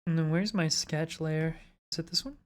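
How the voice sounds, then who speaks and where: A woman's voice: low voice, moderate pace. A woman streamer chatting casually to her viewers while she draws, swearing freely and poking fun at herself. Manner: swears freely, self-mocking, talks to chat. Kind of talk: casual live-stream chat while drawing.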